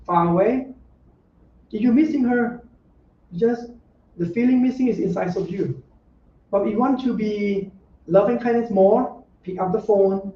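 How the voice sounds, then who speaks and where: High, mellow-voiced monk heard from afar. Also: male voice, slight background noise. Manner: simple, repetitive phrasing with frequent rhetorical checks; gentle, conversational advice. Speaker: Buddhist monk teacher. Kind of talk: informal dharma talk. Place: meditation center room. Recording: roomy echo, distant dull lo-fi mic.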